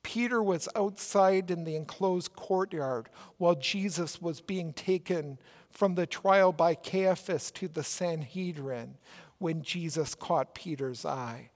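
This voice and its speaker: A male pastor with a Minnesota accent preaching a sermon in a church, earnest and measured, with emphatic rises. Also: on the high side. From Minnesota, United States. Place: church sanctuary. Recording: long church reverb.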